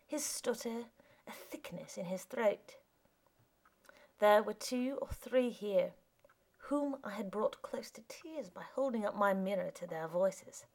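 A woman reads a first-person story aloud in a measured way. Her voice often drops soft. It sits at a middle pitch and carries a gravelly fry. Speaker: narrator.

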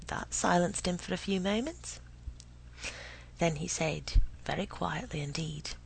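Woman reader, gravelly, unsettled first-person storytelling with frequent whispers. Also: lowish voice, normal speed, low-quality recording. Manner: often drops to an unvoiced whisper.

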